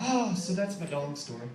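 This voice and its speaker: A man performing a stand-up comedy set, telling a story with animated delivery, acting out voices and laughing at his own jokes. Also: a little high, distant mic, noisy background. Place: comedy club stage. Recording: echoey club recording, audience laughter. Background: audience laughing.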